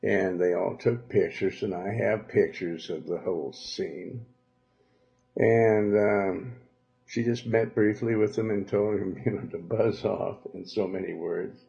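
A man with a Southern drawl spins a rambling tale from the pulpit of his own program. His voice sits deep and gravelly. He preaches and denounces between fillers and side remarks, heard on a muffled, lo-fi recording. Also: fairly even intonation, a little slow, mellow. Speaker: church leader hosting a religious program. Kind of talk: rambling storytelling monologue.

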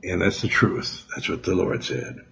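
A man's voice: low-pitched, moderate pace, creaky, fairly bright tone. A man, a pastor, leading a prayer and closing a radio sermon with fervent, earnest repetition.

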